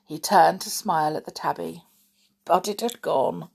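A woman narrating a storybook aloud in a soft, breathy manner that often drops to a whisper. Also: fairly low pitch, moderate pace. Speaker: storybook reader. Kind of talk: slow audiobook narration.

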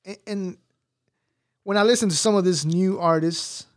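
A man's voice: high-pitched, normal speed, no room sound, studio quality. A man hosting a casual interview, asking long questions that wander and restart. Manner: rambling, hesitant, full of restarts. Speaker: interview host.

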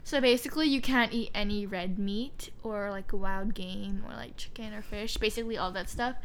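A young woman co-hosting a casual podcast, telling stories in a quick, chatty way with lots of "like"s. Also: mid-range voice, a little hiss or hum. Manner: chatty, quick storytelling with many "like"s. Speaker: podcast co-host. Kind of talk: casual chat.

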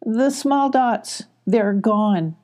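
A gentle, solemn dog in a storybook, talking slowly in a hushed, half-whispered voice, as a woman reads him. His tone is mellow and soft. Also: on the high side, voice pushed up. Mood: worried.

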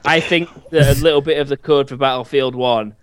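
A man's voice: medium pitch, fairly even intonation, brisk, clear, resonant tone, no echo. A man co-hosting a casual podcast, laid-back and sweary, often talking over the host.

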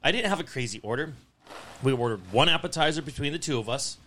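A man's voice: on the high side, expressive, fast, pushed and bright, slight background noise. A young man hosting a podcast, ranting in a casual, exasperated way and swearing constantly. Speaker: podcast host.

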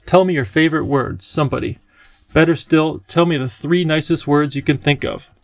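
A man's voice: on the high side, moderate pace, vocal fry, no room sound. A man voicing a kindly, eccentric elderly professor who speaks in a cheerful, lecturing way.

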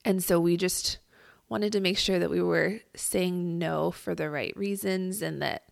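A woman co-hosting a podcast, talking in a relaxed, reflective way with a husky morning voice. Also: fairly low pitch, no echo, studio quality. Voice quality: gravelly vocal fry. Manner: reflective, halting with fillers. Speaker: podcast co-host. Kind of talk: casual podcast chat.

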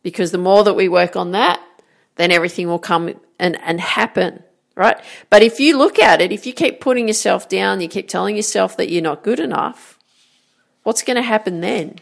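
A woman with a gravelly, creaky edge to her voice talks on a motivational podcast. She coaches earnestly and warmly encouraging, circling back to the same phrases to drive them home. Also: medium pitch, normal speed. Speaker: podcast host and golf coach.

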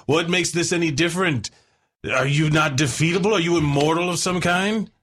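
A man's voice: a little high, normal speed, fairly bright tone. A man playing a smug, know-it-all adventurer who has just become brilliant, in a raised, pompous voice. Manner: pompous, lecturing, breaks into laughs.

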